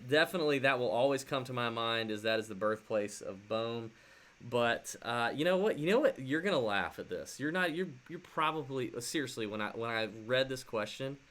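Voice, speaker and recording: A man co-hosting a golf podcast in loose, chatty talk. His voice is bright and forward, with a middle pitch. He tells stories with energy, stumbling over restarts and fillers. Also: smooth. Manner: animated storytelling, many fillers and restarts. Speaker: podcast co-host. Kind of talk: casual sports podcast chat.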